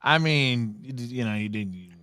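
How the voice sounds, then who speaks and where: A man co-hosting a podcast in casual chat, slangy and quick with short reactions. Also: mid-range voice, lively intonation, pushed and bright, no echo, studio quality. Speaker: podcast co-host.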